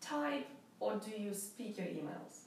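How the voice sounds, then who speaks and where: A woman with a Russian accent hosting a casual interview, chatty and quick to affirm her guest. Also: medium pitch, lively intonation, a little mellow, a little hiss or hum. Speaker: podcast host. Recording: roomy and distant mic.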